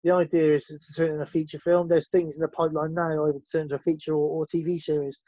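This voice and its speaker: A man's voice: a little high, flat delivery, very fast, mellow, no room sound, highs cut off. A man with a West Country English accent, an actor and former boxer chatting as a guest in a rambling, easygoing way with lots of restarts. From West Country of England. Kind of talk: casual interview chat.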